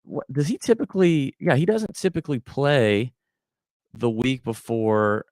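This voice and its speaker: A man's voice: mid-range voice, a little slow, a little mellow, no room sound, clean studio sound. A man hosting a golf betting livestream, chatting casually and thinking aloud with lots of fillers and restarts. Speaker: golf betting podcast host.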